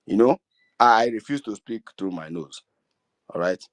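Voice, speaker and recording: A middle-aged Igbo man with a Nigerian accent addresses an online meeting as a community speaker, earnestly pleading with those listening. His voice is lowish and animated, delivered at a moderate pace with no room sound.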